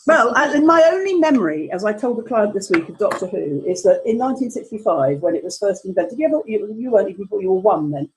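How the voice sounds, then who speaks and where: A woman in her fifties co-hosting a podcast in casual chat, chatty and quick with asides, laughing often. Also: mid-range voice, sing-song, noisy background. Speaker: podcast co-host.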